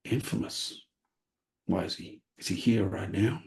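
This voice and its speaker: A polite, wary frontier doctor with a folksy drawl, played by a man at the table. His voice sits low with a gravelly edge. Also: normal speed, mellow.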